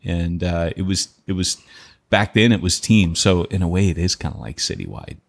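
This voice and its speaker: A man's voice: low-pitched, animated, moderate pace, creaky. A man co-hosting a podcast in casual, jokey chat. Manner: jokey, slips into goofy put-on voices. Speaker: podcast co-host.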